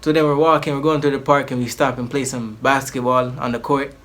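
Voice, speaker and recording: A man at a middle pitch tells a personal story to his channel. He rambles in loose slang and restarts often. It is relaxed storytime vlog talk. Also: a little fast. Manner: animated, acts out the people in his story.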